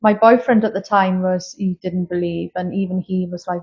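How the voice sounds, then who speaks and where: With hardly any pauses, a woman in her thirties speaks at a moderate pace in a steady, medium-pitched, slightly mellow voice. As the guest medium in a casual interview filmed live in a castle room, she tells candid, emotional personal stories, and the sound is slightly dull and lo-fi.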